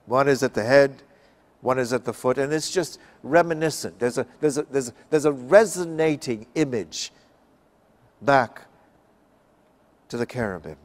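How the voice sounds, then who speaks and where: A man from Canada giving an expository Bible talk, slow and emphatic, rising and falling for effect. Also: mid-range voice. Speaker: Bible class speaker.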